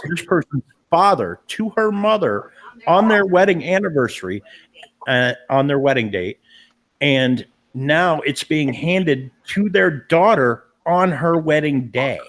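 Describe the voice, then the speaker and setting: A man's voice: fairly high pitch, a bit bright. A man, a paranormal investigator, telling a story in a casual live-stream chat, earnest and emphatic, often repeating himself and restarting sentences.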